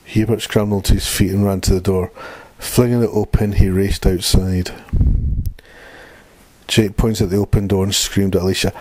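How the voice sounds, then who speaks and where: A man reading a dark short story aloud in a plain, steady way. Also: low-pitched, normal speed, slightly rough, no room sound. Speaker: narrator.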